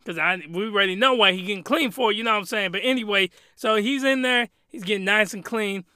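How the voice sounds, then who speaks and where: A man's voice: sits high, fairly quick, pushed and bright, clear, resonant tone, no echo, clean studio sound. A man giving a crude, rambling and exasperated comedic recap of an anime. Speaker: anime reviewer.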